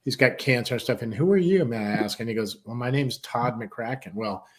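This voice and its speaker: A man's voice: mid-range voice, steady tone, moderate pace. A man, a country music artist, telling a long personal story on a talk show, acting out the other people's voices as he goes and swearing casually. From San Diego, California. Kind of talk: animated storytelling.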